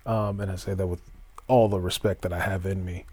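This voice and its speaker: A man's voice: low-pitched, fairly even intonation, fairly quick, darkish tone, slightly rough. A man hosting a solo wrestling podcast, talking casually with lots of fillers and restarts, now and then slipping into grand announcer-style flourishes. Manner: rambling, with many fillers and restarts.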